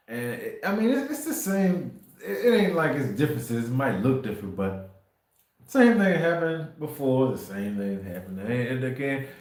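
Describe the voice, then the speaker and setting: Rambling preacher man in an echoey room. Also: mid-range voice. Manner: rambling, repeats words and restarts, swings from quiet to emphatic. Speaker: faith livestream host. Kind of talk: informal preaching on a livestream.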